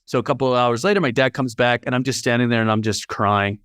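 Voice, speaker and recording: A man, an auctioneer guest on a podcast, telling a personal story in an animated way and acting out the dialogue. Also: mid-range voice, quick pace, clear, resonant tone, dry recording, clean studio sound.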